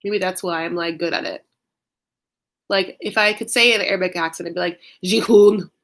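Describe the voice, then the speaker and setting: A woman's voice: lowish voice, steady tone, fast talker, vocal fry, pushed and bright. A woman hosting a casual livestream recap, chatting loosely, saying "like" a lot and answering viewer comments. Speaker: recap show host.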